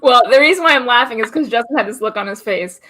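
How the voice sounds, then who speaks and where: Bright-voiced woman co-host, candid and profane storyteller, casual live chat. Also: fairly high pitch, lively intonation, quick pace. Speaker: co-host of a witchcraft talk show. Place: home room.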